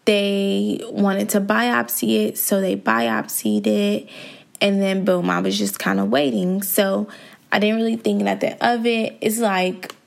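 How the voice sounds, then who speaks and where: A woman's voice: mid-range voice, fairly even intonation, measured pace, creaky. A young woman hosting a podcast, candidly telling a personal story in a conversational way and talking straight to her listeners. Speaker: podcast host.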